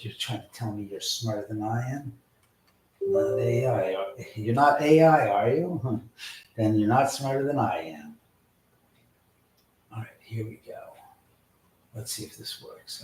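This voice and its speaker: A man hosting a live stream, swearing in frustration at technical glitches, swinging from muttering to shouting. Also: mid-range voice. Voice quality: loud profane outbursts, swinging from mutters to shouts. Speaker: livestream host. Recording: roomy echo, mic at a distance.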